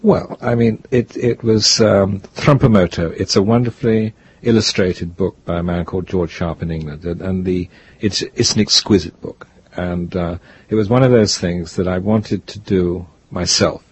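An older man, a guest author, telling stories in an interview in a rambling, reflective way with a gravelly, husky voice. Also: low voice, fairly even intonation, moderate pace, muffled recording, slight background noise. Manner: rambling, reflective, restarts often. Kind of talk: interview, storytelling.

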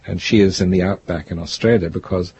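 An older man, a guest author, telling stories in an interview in a rambling, reflective way with a gravelly, husky voice. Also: low voice, fairly even intonation, a little fast, a little mellow, lo-fi sound, a little hiss or hum. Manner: rambling, reflective, restarts often. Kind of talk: interview, storytelling.

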